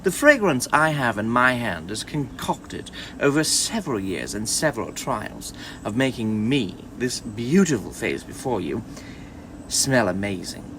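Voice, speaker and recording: A man doing a vain, swooping perfume pitchman. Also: very animated, a little slow, a bit bright, a little hiss or hum. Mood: showy. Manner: theatrical sales pitch. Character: vain male fragrance pitchman, showy and self-adoring. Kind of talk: parody ad.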